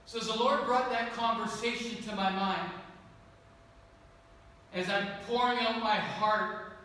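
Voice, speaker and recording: Man, pastor, sermon, high bright voice, far from the mic, echoey church hall. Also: steady tone, measured pace, slight background noise. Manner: personal storytelling, rising to emphatic peaks. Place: church sanctuary.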